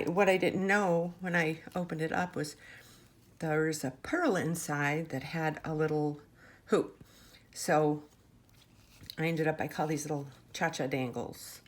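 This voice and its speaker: A woman showing off her handmade jewelry in a casual vlog, chatty and gushing, with fillers and restarts. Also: deep voice. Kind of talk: casual show-and-tell vlog. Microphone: camera mic on a tabletop.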